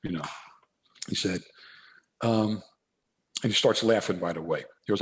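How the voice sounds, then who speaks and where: With a lowish voice that runs a little fast and pauses often, an older New Jersey man tells a story as a podcast guest. He plays both parties in the conversation with animation, and there's a slight hiss or hum on the casual storytelling interview.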